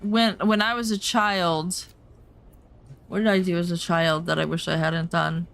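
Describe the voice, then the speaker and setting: Blunt, bright-voiced woman streamer. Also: on the low side, little pitch movement, measured pace, gravelly. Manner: blunt, emphatic personal storytelling with some swearing. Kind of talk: casual chat over gameplay.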